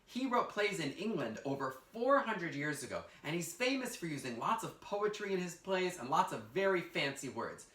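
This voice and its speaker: Animated man teaching kids drama. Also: high voice, moderate pace, few pauses, reverberant, distant mic. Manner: upbeat and encouraging, guiding kids step by step. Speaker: teaching artist. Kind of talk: virtual drama lesson for children. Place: indoor room, recorded for an online class.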